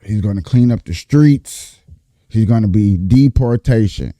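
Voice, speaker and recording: A man's voice: lowish voice, unhurried, dark tone, dry recording. A man arguing hard in a casual panel debate, profane and emphatic, repeating his points. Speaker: panelist, Trump supporter.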